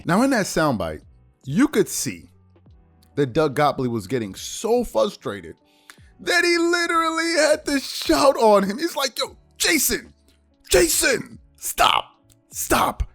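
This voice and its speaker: A man's voice: sits high, measured pace, faint music behind. A man hosting a sports show, reacting to a clip with an incredulous, laughing rant. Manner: animated, incredulous, ranting with laughs. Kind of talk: casual sports commentary.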